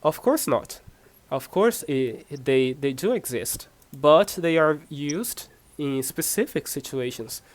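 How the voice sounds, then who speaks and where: A man's voice: on the high side, lively intonation, slow, no echo. A man from Brazil with a Brazilian accent, speaking English as a second language while he teaches an online class, patiently repeating himself and giving examples. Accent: Brazilian Portuguese. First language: Portuguese. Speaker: Portuguese teacher.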